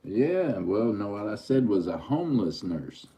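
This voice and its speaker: A man's voice: fairly low pitch, sing-song, unhurried, dark tone, highs cut off. A middle-aged man, hosting a livestream and teasing his chat in a joking, easygoing drawl. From Oklahoma. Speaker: livestream host.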